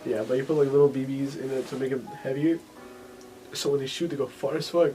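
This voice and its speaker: A man chatting on a podcast, mid-pitched and loose, rambling from one story to the next with constant fillers and casual swearing. Faint music plays underneath. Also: steady tone, quick pace, warm tone, poor audio. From family ties to Texas. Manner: rambling, profane, many fillers. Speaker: podcast host. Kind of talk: casual chat.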